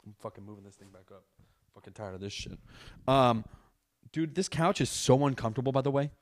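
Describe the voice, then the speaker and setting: A young adult man hosting a casual solo podcast, telling an animated, exaggerated story and swearing constantly while sitting on a couch indoors. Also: mid-range voice, a little fast. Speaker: podcast host.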